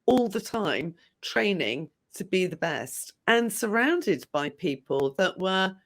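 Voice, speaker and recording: A woman hosting an interview, speaking in an upbeat, conversational way. Her pitch is medium for a woman. She steers the talk with encouraging, motivational remarks. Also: very animated, slow pace. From United Kingdom. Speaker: interview host.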